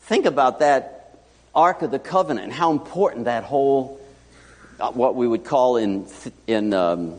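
A pastor delivers a sermon with an animated voice that swings up and down as he talks straight to his listeners. His words ring through a church hall with a long reverb trailing behind them. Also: mid-range voice, moderate pace. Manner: lively, varied emphasis, talks to congregation directly. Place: church sanctuary.

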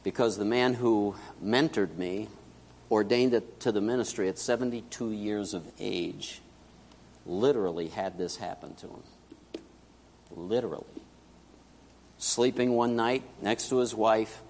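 A man preaching a sermon as pastor, telling a story and acting out its dialogue, swinging between loud and hushed. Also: fairly low pitch, a little slow, slight background noise. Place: church sanctuary. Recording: echoey church hall.

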